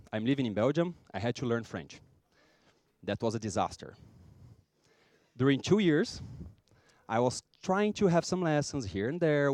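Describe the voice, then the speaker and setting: A man with a Brazilian accent giving a lively conference talk, acting out small scenes and joking with the audience. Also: mid-range voice, no room sound. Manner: lively, acts out little scenes and jokes with the audience. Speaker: conference speaker.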